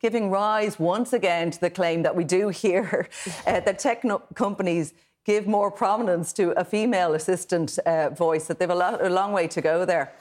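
An Irish woman hosts a television panel discussion, chatty and loose with her fillers. Her voice sits low for a woman. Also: normal speed. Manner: relaxed, chatty, with frequent fillers. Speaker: TV current affairs host.

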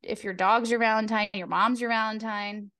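A woman's voice: on the high side, steady tone, normal speed, sharp tone. A young woman co-hosting a podcast in casual chat, rambling with lots of "like" and casual swearing. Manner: chatty, filler-heavy, lots of "like", swears casually. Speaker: podcast co-host.

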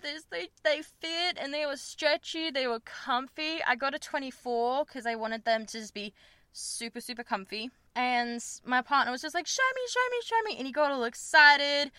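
A woman's voice: sits high, fairly even intonation, moderate pace, bright, forceful tone, clear, resonant tone, no echo. A young woman, hosting a podcast and talking frankly and rambling about her personal life, with lots of fillers and self-conscious laughs. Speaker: podcast host. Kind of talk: candid personal chat.

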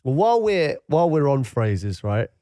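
A man's voice: medium pitch, very animated, moderate pace, mellow, no echo, studio quality. Teasing man in casual podcast chat. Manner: teasing, laughs often. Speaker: podcast co-host.

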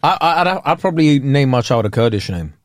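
A young British man, co-hosting a casual podcast chat, expressive and telling stories with laughs. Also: medium pitch, a little fast, no room sound, clean studio sound. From Britain. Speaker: podcast co-host.

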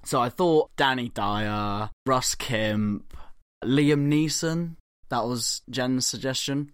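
A man's voice: mid-range voice, takes it slowly, clean tone, no room sound, clean studio sound. A man in his thirties chatting casually on a podcast, rambling through stories with plenty of swearing. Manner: rambling, laughing, swearing storyteller. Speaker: podcast co-host. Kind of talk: casual chat.

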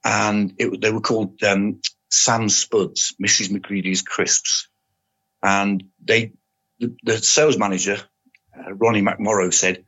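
An older man, a former soldier and police officer, recounting stories in a matter-of-fact, unhurried way as a podcast guest. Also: fairly low pitch, a bit bright, breathy edge. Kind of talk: casual storytelling. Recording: dull lo-fi audio.

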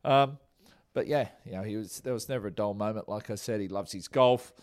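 A man's voice: lowish voice, a little fast, a little mellow. A man, a former cricketer who tells rambling, chuckling stories about an old teammate in a casual interview.

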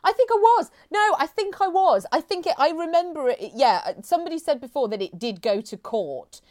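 Woman cohosting a podcast, fairly high voice, thinks out loud, laid back. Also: fairly quick. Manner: relaxed, musing, thinks aloud. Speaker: podcast co-host. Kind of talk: casual chat.

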